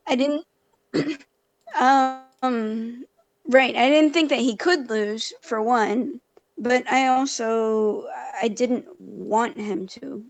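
A woman calling in to an advice show, talking in a hesitant, halting way with many fillers. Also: on the high side, steady tone. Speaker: caller. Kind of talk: call-in conversation.

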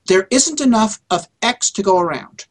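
Speaking at normal speed with lively intonation, this high-pitched man is an author being interviewed. His answers come out insistent and emphatic, full of repeated words and sentences he breaks off and begins again.

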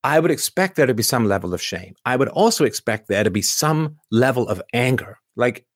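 A man's voice: mid-range voice, sing-song, brisk, hardly any pauses, dry recording, studio quality. A man hosting a show, talking through a rambling monologue full of restarts and rhetorical questions. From Canada. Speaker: show host. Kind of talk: casual monologue commentary.

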